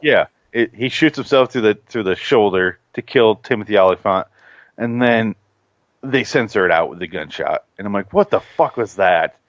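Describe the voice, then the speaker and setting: A man hosting a podcast, telling stories in casual chat, animated and full of swearing. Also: on the low side, normal speed, no room sound. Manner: profane, animated storyteller. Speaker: podcast host. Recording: dull lo-fi podcast audio.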